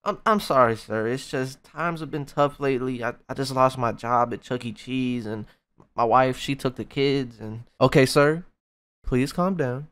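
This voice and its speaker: A man's voice: medium pitch, moderate pace, a bit bright, clean tone, no room sound, lightly acted. A man playing a polite, flustered male phone support agent in a comedy skit.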